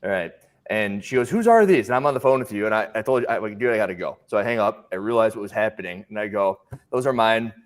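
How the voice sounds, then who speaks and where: Man, podcast co-host, casual storytelling, animated, acts out voices, lowish voice. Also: fast.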